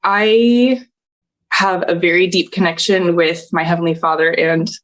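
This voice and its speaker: A woman's voice: lowish voice, fairly even intonation, a little slow, fairly bright tone. Tearful, earnest woman telling her story. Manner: earnest, tearful at times, laughs through emotion. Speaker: podcast guest. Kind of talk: emotional personal storytelling.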